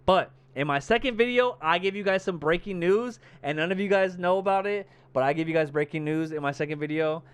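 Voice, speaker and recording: Smooth-voiced young man telling a story. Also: high-pitched, a little fast, few pauses, no room sound. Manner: animated storyteller, swears casually, acts out scenes. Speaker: podcast co-host. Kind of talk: casual chat.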